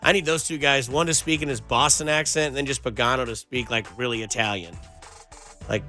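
A man hosting a sports radio show, talking in an energetic, playful banter. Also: mid-range voice, a little fast, soft background music.

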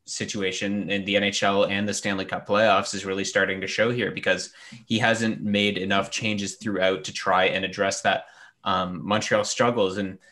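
A man's voice: fairly low pitch, little pitch movement, normal speed, sharp tone. A man giving blunt, emphatic opinions on a casual sports discussion panel, with frequent fillers. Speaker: hockey podcast panelist.

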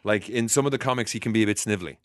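A man's voice: fairly low pitch, no echo, clean studio sound. A man co-hosting a casual film podcast, talking eagerly with lots of restarts. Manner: quick, enthusiastic, trailing restarts.

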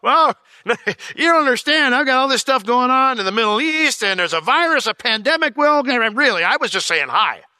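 A man's voice: very high-pitched, expressive, moderate pace, hardly any pauses, bright, forceful tone, clear, resonant tone, dry recording, studio quality, pitched above the performer's own voice, exaggerated voice. A man voicing the Lord as a harried, distracted figure who is only being polite, in an exasperated comic voice. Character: harried, distracted Lord brushing off small talk.

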